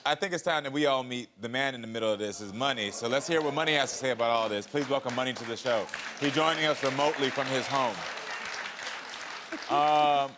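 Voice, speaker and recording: A man hosting a daytime talk show, offering short affirmations and gentle probing questions. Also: mid-range voice, a little fast, a crowd in the background, noisy background.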